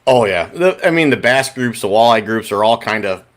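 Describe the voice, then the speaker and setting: A man hosting a casual podcast, talking in a relaxed, agreeable way. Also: fairly low pitch, brisk. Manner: relaxed, agreeable, short affirmations. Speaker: podcast host.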